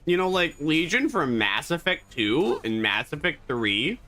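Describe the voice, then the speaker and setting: A man's voice: a little high, big pitch swings, measured pace, sharp tone, faint music behind. A man chatting casually on a game stream, joking and rambling. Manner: joking, rambling, self-correcting.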